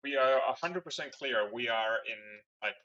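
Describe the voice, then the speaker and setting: A man with a bright, forceful voice chats casually as a tabletop player and often trips over his words. His audio sounds dull and muffled, like lo-fi voice chat. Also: mid-range voice, normal speed. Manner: rambling, restarts and fillers.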